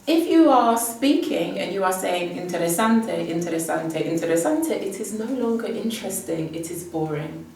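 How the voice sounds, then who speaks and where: A woman's voice: mid-range voice, expressive, normal speed, hardly any pauses, a little mellow. A woman teaching Spanish, giving an upbeat, emphatic exam prep lesson. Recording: distant mic with heavy room echo.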